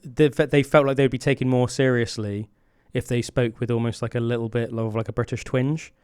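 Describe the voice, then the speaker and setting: Co-hosting a podcast, this man rambles through casual chat with lots of fillers and false starts. His mid-range voice is fairly quick, fairly even in intonation, a little mellow, clear and resonant, captured dry in a clean studio.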